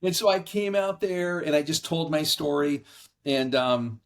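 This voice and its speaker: A middle-aged man, a podcast guest, telling a personal story in an earnest, animated conversational way, speaking from a house. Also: fairly high pitch, a little slow. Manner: earnest, animated storyteller acting out quoted voices. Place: brother-in-law's house.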